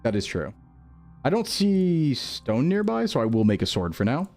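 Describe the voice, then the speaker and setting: A man's voice: mid-range voice, big pitch swings, normal speed, darkish tone, faint music behind. A young man rambling through casual gameplay commentary, jokey and self-mocking. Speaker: streamer.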